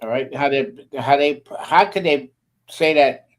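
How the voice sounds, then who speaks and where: A man's voice: fairly high pitch, unhurried. A man co-hosting a casual political stream, blunt and scornful in his remarks. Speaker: co-host. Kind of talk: casual political chat show.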